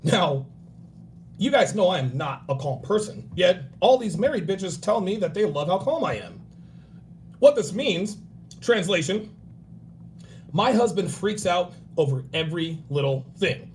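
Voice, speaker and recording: A man in his forties hosting a livestream, giving blunt, profane dating and grooming advice and acting out other people in quick bursts. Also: sits high, sing-song, darkish tone, slight background noise. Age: 40s. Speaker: livestream host.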